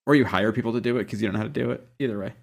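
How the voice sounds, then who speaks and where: A man's voice: lowish voice, racing, gravelly. A man co-hosting a casual podcast, blunt and sarcastic in his remarks. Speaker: podcast co-host. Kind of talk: casual chat.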